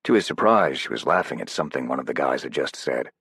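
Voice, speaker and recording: A man narrating a thriller audiobook in a steady, even storytelling manner. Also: a bass voice, fast talker, vocal fry, slightly rough, no echo, clean studio sound. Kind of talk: scripted narration.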